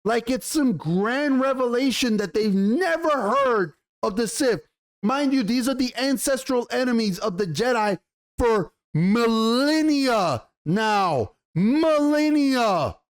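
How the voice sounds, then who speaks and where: A man's voice: very high-pitched, a little slow. A man ranting in an exasperated tone as he reviews a TV episode, swearing often and restarting his sentences. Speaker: YouTube TV show reviewer.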